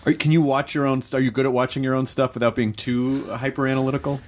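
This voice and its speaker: An American man hosting a podcast, talking in a loose, jokey way that wanders from thought to thought. His voice sits at an ordinary male pitch, with a faint noise behind it. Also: little pitch movement, fast talker. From United States. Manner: jokey, conversational, rambling. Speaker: podcast host. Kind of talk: casual chat.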